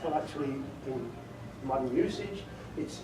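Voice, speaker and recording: Background noise surrounds a man whose fairly high voice moves at normal speed as he chats through a workshop on audiobook narration. Self-amused and laughing often, he demonstrates inflections to a group in a meeting room, recorded from far off with echo.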